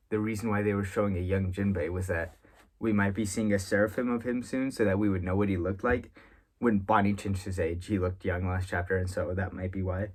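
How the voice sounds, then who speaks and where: A man's voice: lowish voice, husky. A man reading a manga chapter aloud as a reviewer, rambling and correcting himself as he reacts. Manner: rambling, musing aloud with frequent filler and self-correction.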